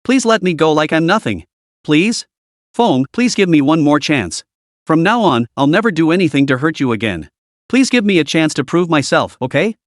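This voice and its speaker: A man's voice: on the high side, very animated, moderate pace, dry recording, studio quality. A man voicing a desperate young woman who pleads and begs. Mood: desperate pleading. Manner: begging, pleading.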